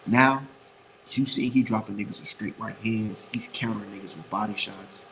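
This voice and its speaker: A man's voice: on the low side, steady tone, moderate pace, a bit bright, slight background noise, low-quality recording. A man giving casual boxing opinions in a blunt, profane, rambling way, repeating his points for emphasis. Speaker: boxing commentator.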